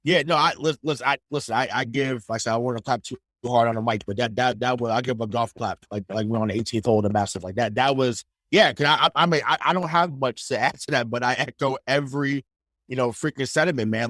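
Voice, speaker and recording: A man's voice: medium pitch, fast talker, fairly bright tone, no echo, clean studio sound. A man co-hosting a casual sports podcast, talking in loose, slangy bursts. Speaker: podcast co-host.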